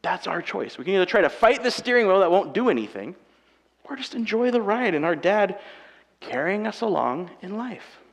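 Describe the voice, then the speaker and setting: A young man delivers a sermon with a high, fry-edged voice. He talks in a casual, conversational way, dropping quiet and then rising to emphatic points. His voice rings with the long reverb of a big church hall. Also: very animated, moderate pace. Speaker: pastor. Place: church sanctuary.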